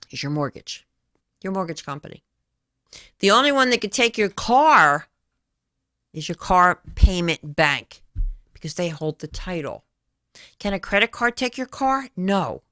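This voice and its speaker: A middle-aged woman hosting a talk show monologue, emphatic and rambling, firing off rhetorical questions. Her voice is bright and forceful, with a smooth, resonant clarity. The studio sound is dry and close. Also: mid-range voice, dry recording.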